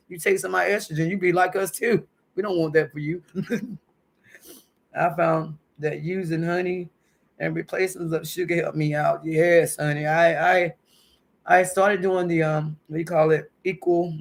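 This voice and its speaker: A woman in her fifties hosting a casual home livestream, chatty and emotional, calling her viewers honey and baby. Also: fairly low pitch. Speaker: livestream host. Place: at home indoors.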